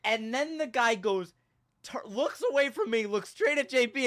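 A young man hosting a podcast, telling a funny story with animated, self-mocking drama and big swings in his voice. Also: very high voice, normal speed. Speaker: podcast host. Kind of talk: comedic storytelling in casual chat.

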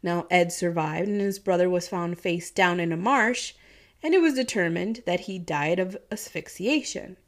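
A woman's voice: fairly low pitch, normal speed. Chatty Midwestern woman with a Southern twang. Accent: Midwestern American with a Southern twang. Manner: chatty and swearing, with frequent laughter. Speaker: true-crime vlogger. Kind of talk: casual true-crime storytelling.

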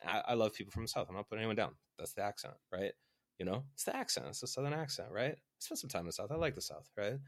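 Man, lowish voice, rapid rambling podcast chat, dry close mic. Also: lively intonation, dry recording. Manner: rambling, with many "right?" and "like" fillers; acts out quoted voices with big pitch jumps. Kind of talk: casual chat.

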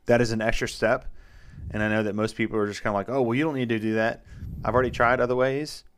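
A man's voice: mid-range voice, fairly even intonation, quick pace, a little hiss or hum. A man co-hosting a podcast, explaining his woodworking process in a rambling, repetitive way. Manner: rambling, repeats words when explaining. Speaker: podcast co-host. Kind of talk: casual chat.

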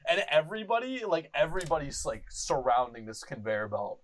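A young adult man hosting a podcast, telling a rambling, animated story full of swearing and fillers like "like.". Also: a little high, brisk, poor audio. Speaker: podcast host. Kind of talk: casual storytelling chat.

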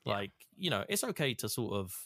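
A man's voice: fairly low pitch, brisk, no echo, studio quality. A man co-hosting a casual chat, retelling his game choices animatedly and swearing freely. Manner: animated storytelling, swears freely, acts out quotes. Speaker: podcast co-host.

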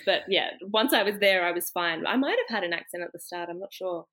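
A young woman from Australia, a podcast guest chatting in a relaxed, thoughtful way. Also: lowish voice, fast. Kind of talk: casual interview chat.

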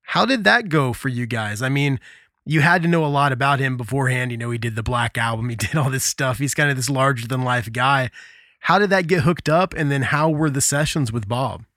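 A chatty male host in his forties asks eager questions in a bright, forceful voice. His tone stays close and dry. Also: medium pitch, fairly quick, no echo. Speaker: podcast host, musician. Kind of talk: casual interview.

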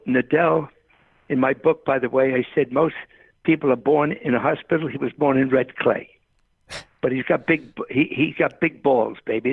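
An older man with a gravelly, husky, mid-range voice tells rambling stories during a phone interview, frequently using the host's name. He's a tennis coach, and the tinny phone line carries no echo.

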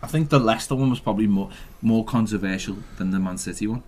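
A man's voice: on the low side, quick pace. A man, co-hosting a podcast in rambling, casual chat. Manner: rambling, lively, puts on silly voices. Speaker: podcast co-host.

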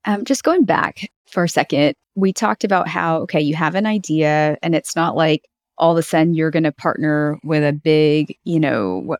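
A woman physician co-hosting, asking curious questions and thinking out loud as she goes. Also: sits low, moderate pace, dry recording, studio quality. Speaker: co-host, physician. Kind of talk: conversational podcast chat.

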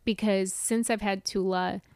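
A woman co-hosting a podcast with her husband, telling animated stories in a casual chat and laughing often. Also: mid-range voice, measured pace, smooth, dry recording. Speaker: podcast co-host.

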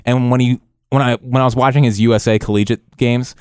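A man's voice: mid-range voice, fairly even intonation, brisk, smooth, no room sound. Eager rambling young man, dry sound. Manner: eager, rambling, many restarts. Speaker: podcast co-host. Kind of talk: casual sports chat.

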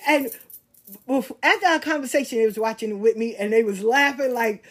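An older woman tells casual, animated stories, blunt, profane and laughing at herself. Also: high voice, a little fast, breathy edge. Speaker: host. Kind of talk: casual storytelling monologue.

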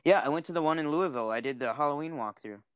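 A man's voice: on the high side, very fast, clear, resonant tone, dry recording, muffled recording. A man co-hosting a podcast, telling stories in casual chat and acting out the voices of people he quotes. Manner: storytelling, joking, acts out quoted voices. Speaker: podcast co-host.

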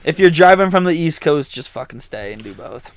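A man's voice: fairly high pitch, expressive, a little fast, a crowd in the background. A young man co-hosting a casual podcast chat at a campsite, laid-back and swearing casually. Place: camper van at a campsite.

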